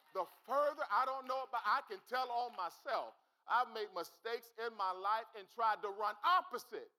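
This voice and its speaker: A male pastor preaching in a church with a very high, bright, piercing voice. He speaks fervently and repeats phrases for emphasis. He calls out directly to his congregation. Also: low-quality recording. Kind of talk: sermon.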